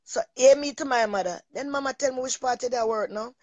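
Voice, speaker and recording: A woman's voice: high voice, a little fast, a little mellow, no room sound. A middle-aged woman hosting a talk show, telling a personal story in an emotional, rambling way and often repeating herself.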